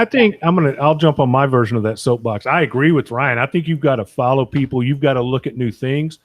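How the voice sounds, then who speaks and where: A man's voice: mid-range voice, no echo. A man in his middle register talks with a plainspoken, opinionated edge, jumping on his soapbox about his field. The recording is close and dry, with no room sound. He pushes his points hard while staying conversational. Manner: opinionated, emphatic, frank. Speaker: podcast co-host, sports medicine clinician. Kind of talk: casual panel discussion.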